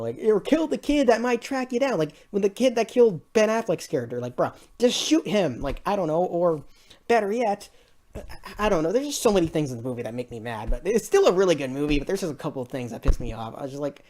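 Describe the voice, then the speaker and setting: A woman's voice: deep voice, big pitch swings, quick pace, darkish tone. A woman giving a casual spoken movie review, rambling and exasperated, laughing often between her points.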